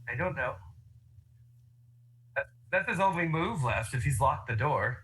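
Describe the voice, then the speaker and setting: A man talking at a tabletop game in a bright, forceful voice. Faint noise sits behind him. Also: mid-range voice, animated, measured pace, low-quality recording. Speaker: player. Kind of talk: casual game chat.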